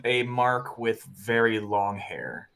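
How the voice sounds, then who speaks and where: A man's voice: on the low side, lively intonation, slow, a bit bright. A man in casual chat who makes dry, joking remarks.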